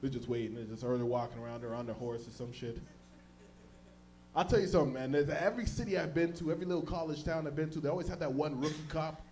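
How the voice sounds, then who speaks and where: A man from the Toronto area doing a stand-up comedy set on a club stage, telling stories loudly and jumping into high-pitched voices for other characters. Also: quick pace. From Toronto area, Canada. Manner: loud, animated storytelling, jumps into high-pitched voices for characters.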